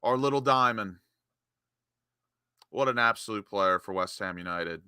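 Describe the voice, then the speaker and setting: A young man hosting a live football watchalong, giving excitable, emotional fan commentary into a close mic. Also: fairly low pitch, measured pace, long pauses, clear, resonant tone, no room sound. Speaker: watchalong host.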